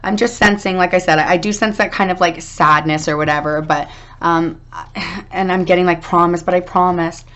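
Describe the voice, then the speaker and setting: A woman's voice: fairly low pitch, fairly even intonation, brisk, a bit bright. A woman giving a casual tarot reading to camera, rambling and encouraging, with self-deprecating asides. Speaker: tarot reader. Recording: dull lo-fi recording.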